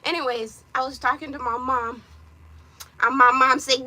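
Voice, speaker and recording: A young woman from Jamaica with a Jamaican accent, chatting casually and loudly while getting ready, teasing and cussing. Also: high-pitched, fairly even intonation. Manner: loud, brash and teasing, quick to cuss. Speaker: vlogger. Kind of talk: casual live chat.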